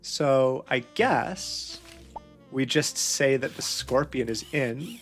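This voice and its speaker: A man's voice: medium pitch, sing-song, slow pace, soft background music. A man playing a detective puzzle game, thinking aloud and muttering questions to himself as he works through the clues. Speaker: let's play host.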